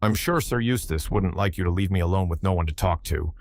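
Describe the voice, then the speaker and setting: A man's voice: sits low, fairly quick, a little mellow, dry recording, studio quality. A man doing a teasing, bold young woman. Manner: arch, playfully needling. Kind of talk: audiobook character reading.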